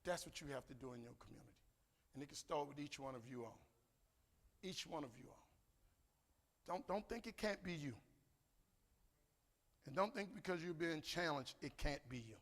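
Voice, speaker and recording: A man with a slightly high voice delivers a motivational keynote in a large conference hall, speaking at a moderate pace with frequent pauses. He's animated and preacherly, telling stories and acting out both sides of each dialogue. The echoey hall adds long reverb.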